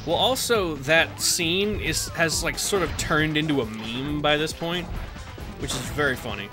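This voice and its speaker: A man's voice: on the high side, measured pace. A man streaming a video game, chatting casually in a rambling, self-correcting way and laughing often. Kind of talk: casual gameplay commentary. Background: game music.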